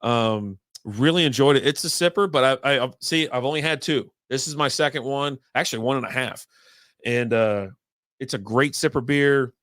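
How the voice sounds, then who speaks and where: A man in a relaxed podcast chat, spinning loose stories and swearing freely. He acts out what others said as he goes. The sound is dry and close, with no room echo. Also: medium pitch, normal speed. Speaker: podcast co-host. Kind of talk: casual chat.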